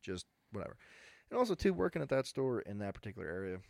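A young man, telling stories in a laid-back, deadpan way on a casual podcast. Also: fairly low pitch, quick pace, gravelly, dry recording. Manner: laid-back, deadpan storyteller who mimics angry customers. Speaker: podcast co-host. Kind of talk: casual storytelling chat.

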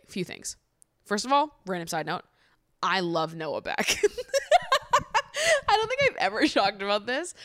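A woman's voice: medium pitch, fairly bright tone, no echo. A young American woman chatting casually on her podcast, giggling often and dropping the odd swear word. Her voice sits in a middle register. The recording is close and dry, with no room sound. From United States. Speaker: podcast host. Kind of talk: casual chat.

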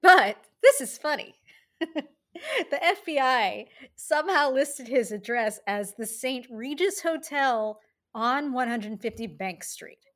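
A woman's voice: sits high, animated, slow pace, fairly bright tone. A woman co-hosting a casual history podcast, telling the story in an easy, amused way with frequent laughs. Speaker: podcast co-host.

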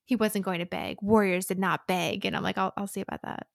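A woman's voice: mid-range voice, fairly even intonation, brisk, gravelly, dry recording, clean studio sound. A young woman co-hosting a podcast, recapping a novel in casual chat with mock quotes of the characters. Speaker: podcast co-host. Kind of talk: casual book-club chat.

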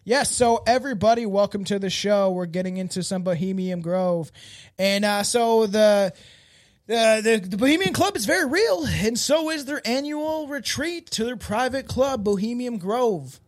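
A man's voice: sits high, normal speed. A man hosting a casual comedy podcast, crude and joking, rambling with frequent restarts. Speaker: podcast host.

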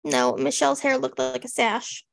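A young woman co-hosting a podcast, chatting in an animated, sarcastic way and acting out quotes. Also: high voice, moderate pace, gravelly. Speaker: podcast co-host. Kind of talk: casual snarky chat.

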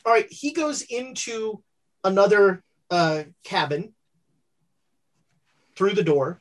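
A woman narrating a tabletop horror game as game master, pausing often with fillers. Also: lowish voice, animated. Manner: halting, filler-heavy narration.

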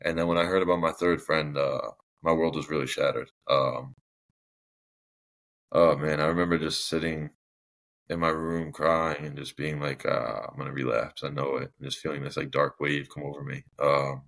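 Young guy with a super deep voice, rambling through his own story on a podcast, lots of restarts. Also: level tone, normal speed, a bit bright. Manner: rambling, with frequent restarts and fillers. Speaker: podcast guest. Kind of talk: candid personal storytelling.

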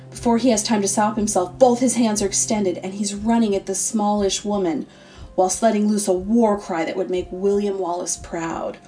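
A woman narrating a comedic story in a deadpan, sardonic way. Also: mid-range voice. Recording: distant mic, faint music.

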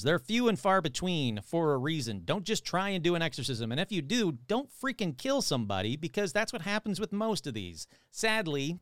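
A man's voice: on the high side, no echo, clean studio sound. A male podcast host reading odd news aloud with sarcastic, irreverent asides. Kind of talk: casual podcast commentary.

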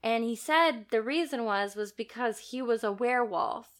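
A woman's voice: a little high, moderate pace. A woman co-hosting a casual podcast chat, recounting stories with frequent small laughs. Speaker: podcast co-host.

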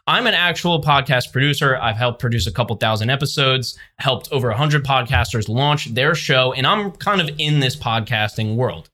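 A man's voice: medium pitch, moderate pace, hardly any pauses, bright, forceful tone. A man who produces podcasts, giving a brash, sarcastic review monologue to the camera. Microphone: facing a camera with a laptop in front.

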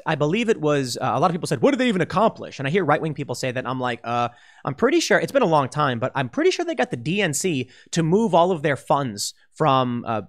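A man giving opinion commentary, talking emphatically and acting out quoted remarks in a raised voice. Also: on the high side. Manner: animated, emphatic, with restarts and quoted asides. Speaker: political commentator.

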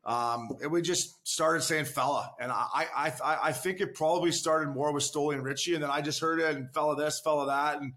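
A man's voice: on the high side, steady tone, a little fast, hardly any pauses, fairly bright tone. A man, a former pro hockey player, chatting as a podcast guest, with many restarts and loose swearing, calling the hosts boys and fella. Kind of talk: casual podcast chat.

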